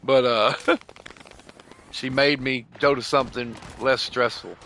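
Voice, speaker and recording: With a steady tone, measured pace and fairly bright mid-range voice, an older gamer on voice chat spins a long, emotional, rambling story amid slight background noise. Swearing is frequent, as are repeated "bro"s and "you know what I mean"s.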